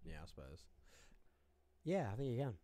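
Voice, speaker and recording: A man's voice: mid-range voice, very animated, moderate pace, warm tone, dry recording. Joking man chatting live. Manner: joking, teasing, stumbles over names. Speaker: co-host of a live fight watch-along. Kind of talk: casual chat.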